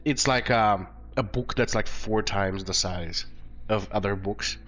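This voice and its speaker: Hoarse man game master narrating. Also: fairly low pitch, a little slow, a bit bright. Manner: loose, filler-heavy narration. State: hoarse from flu. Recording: dull lo-fi recording, faint music.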